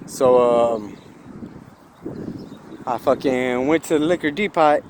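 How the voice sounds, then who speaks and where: A man's voice: mid-range voice, slow pace. A man from Long Beach telling a profane, agitated story in casual vlog talk. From Long Beach, California. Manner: profane, agitated retelling with acted-out quotes. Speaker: vlogger. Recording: noisy outdoor recording.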